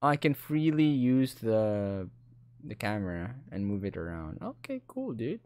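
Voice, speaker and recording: Excitable gaming streamer. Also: male voice, on the low side, measured pace, dry recording. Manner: excitable, swears freely, switches between languages. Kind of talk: casual let's-play commentary.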